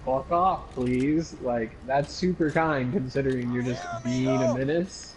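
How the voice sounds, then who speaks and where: A man's voice: medium pitch, unhurried, crowd noise. A man chatting casually on a live stream, agreeing briefly and telling profane stories of his own. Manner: laid-back, profane, short agreeing replies. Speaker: streamer co-host. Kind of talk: casual chat while gaming. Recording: noisy stream audio.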